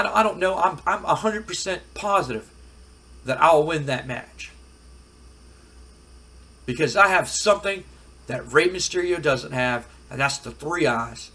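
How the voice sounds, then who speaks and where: A man doing a high, loud impression of a boastful, whiny wrestler in a wrestling video game playthrough. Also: husky, full character voice. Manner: loud, high-pitched and pleading.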